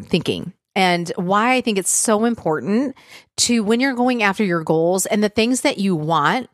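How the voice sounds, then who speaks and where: A woman's voice: on the low side, no echo, studio quality. A woman hosting a casual motivational podcast, chatty and full of filler words, with a tickle in her throat. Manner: chatty, lots of "like" and "um". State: throat tickle, clearing throat and coughing. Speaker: podcast host. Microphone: podcast mic.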